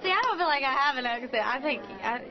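A woman's voice: high-pitched, lively intonation, fast talker, muffled recording. A young woman with a Southern US accent, chatting playfully and folksily in a press interview at a busy outdoor event. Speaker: celebrity contestant. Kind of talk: casual red-carpet interview. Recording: loud crowd chatter behind.

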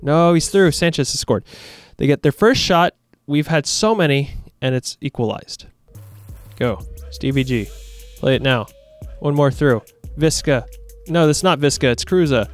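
Young man, casual gameplay commentary, excitable, raised-pitch voice, soft background music. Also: measured pace, no room sound. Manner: excitable, reacts loudly to plays. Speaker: gaming YouTuber.

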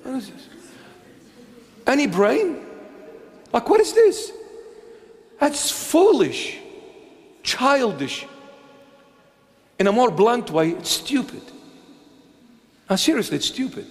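A bishop preaching a sermon in a church, emphatic and repetitive, swinging between loud insistence and hushed low phrases. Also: male voice, sing-song, slow, pauses often. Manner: emphatic, repetitive, dramatic swings in pitch and loudness. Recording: long reverb of a large church.

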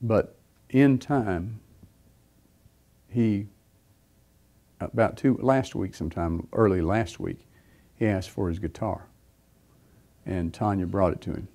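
Low, mellow man telling a story. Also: slow, long pauses. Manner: rambling storytelling, frequent fillers and restarts. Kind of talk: sermon testimony.

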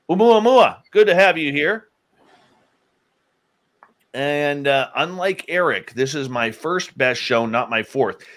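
A man's voice: a little high, a bit bright. A man hosting a live radio show, reading out chat-room greetings with jokey, teasing banter.

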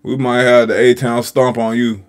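A man's voice: medium pitch, level tone, normal speed. A man hosting a reaction video, talking casually in slangy, profane, joking commentary.

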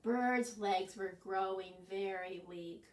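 A woman librarian reading a story aloud to children, slow and expressive, with chatty asides. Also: mid-range voice. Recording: echoey room from far off.

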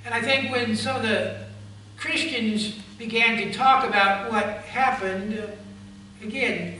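Bright-voiced pastor in an echoey church. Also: male voice, sits high, unhurried, distant mic, a little hiss or hum. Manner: emphatic preaching, addresses the congregation as folks. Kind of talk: sermon. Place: church sanctuary.

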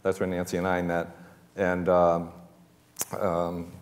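Boston-accented chef in his fifties, very low voice, loose rambling storyteller, reverberant hall. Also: completely flat delivery, slow. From Boston area. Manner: rambling, many fillers and restarts, chuckles between thoughts. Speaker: chef and restaurateur, panel guest. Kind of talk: casual storytelling on a panel.

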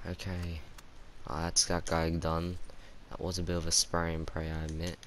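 A man giving chatty live commentary over his own shooter match, reacting out loud to every kill and death. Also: low voice, monotone, moderate pace, background noise. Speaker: gaming YouTuber.

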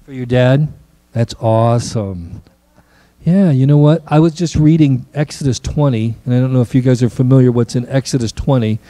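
A man's voice: mid-range voice, moderate pace, dark tone, dry recording. A man, a pastor giving a playful children's message in church and joking with the kids. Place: church sanctuary.

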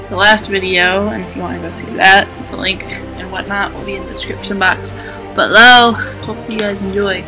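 A young woman, a gaming YouTuber, gives silly, playful let's play commentary over her gameplay, squealing as she exclaims. Her voice is medium in pitch, and the audio quality is poor.

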